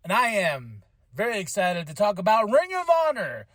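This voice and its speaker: Man, podcast host, excitable chatty talk, high voice, dry close mic. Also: normal speed, no room sound. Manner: hyped, rambling, chatty with many fillers. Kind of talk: casual wrestling review podcast.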